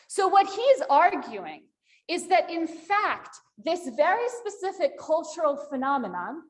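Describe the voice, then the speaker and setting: A woman lecturing at a university panel, asking the audience questions as she goes. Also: high-pitched. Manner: animated, asks the audience questions.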